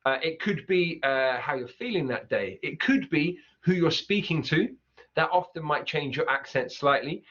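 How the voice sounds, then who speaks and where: A man teaching pronunciation, repeating words slowly to demonstrate sounds. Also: on the high side, expressive, fairly bright tone. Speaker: accent teacher. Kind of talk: explaining pronunciation over clips. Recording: dull lo-fi sound.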